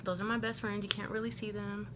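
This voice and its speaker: A young woman from Texas telling a storytime to her camera in a chatty, animated way, full of "like" and acted-out quotes. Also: medium pitch, fast, very noisy. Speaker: vlogger. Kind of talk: casual storytime.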